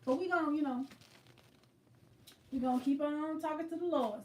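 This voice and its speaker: A woman's voice: high voice, moderate pace, pauses often, darkish tone, roomy sound, far from the mic. A woman hosting a casual livestream, chatting and greeting viewers by name as she explains her quilting. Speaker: livestream host.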